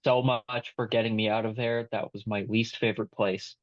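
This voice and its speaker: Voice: medium pitch, level tone, moderate pace, dry recording, muffled recording. A player in a tabletop game speaking bluntly and plainly. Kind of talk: casual tabletop game play.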